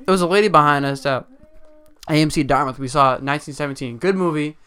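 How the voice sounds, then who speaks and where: Young man, podcast co-host, quick talker, profane, mock-angry, clear voice. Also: on the high side, pushed and bright. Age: young adult. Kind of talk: casual chat.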